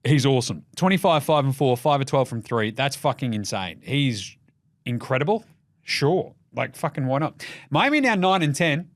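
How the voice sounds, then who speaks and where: An Australian man hosting a basketball podcast, riffing in a jokey, profane, rapid-fire way. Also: mid-range voice, animated, no echo. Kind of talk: casual solo commentary.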